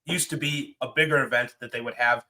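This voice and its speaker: Bright-voiced man, wry and easygoing. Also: mid-range voice, steady tone. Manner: easygoing, quick wry asides. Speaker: podcast co-host. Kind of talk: casual chat.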